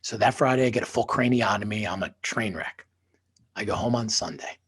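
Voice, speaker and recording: A man's voice: on the low side, brisk, fairly bright tone, husky. A man who is a podcast guest and author, telling a personal story emphatically, sometimes dropping into a whisper for effect.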